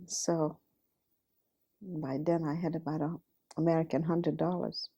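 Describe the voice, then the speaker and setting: A woman's voice: sits low, flat delivery, a little slow, warm tone, slightly rough. A woman in her fifties from Hungary, telling her life story in a plain, direct way and often repeating "I says". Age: 50s. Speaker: Holocaust survivor giving testimony. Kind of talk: recounting personal testimony.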